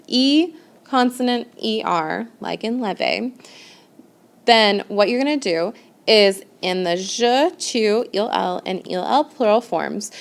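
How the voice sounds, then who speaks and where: A woman's voice: mid-range voice, creaky. A woman teaching French grammar in a recorded lesson. She explains step by step and often checks in with "okay?".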